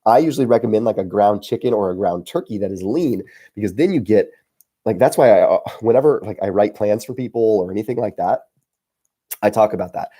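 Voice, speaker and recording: A man with a low voice and a dark, mellow tone chats live with his viewers. He rambles earnestly, with plenty of fillers and restarts, in a loose, unscripted way. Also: fairly quick, husky. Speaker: channel host. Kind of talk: casual live-stream chat.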